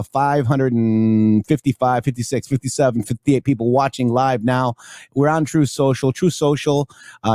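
A man co-hosts a live-streamed talk show in a relaxed, rambling way, reading out viewer comments as he goes. His voice sits at an ordinary pitch. The sound is dry and close to the mic. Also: dry recording. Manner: loose, rambling, reads viewer comments aloud.

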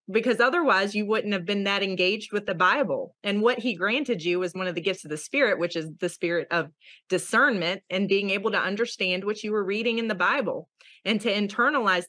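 A woman host responds to her guest with earnest, affirming remarks. Her voice is bright and clear, recorded close and dry. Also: medium pitch, dry recording. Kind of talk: interview talk.

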